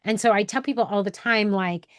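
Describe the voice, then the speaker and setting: A woman's voice: medium pitch, fairly quick, dry recording, clean studio sound. A woman in her forties from New York, a photographer telling her story in a candid, rambling, emotional way to an online group. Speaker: photographer and educator hosting a live call.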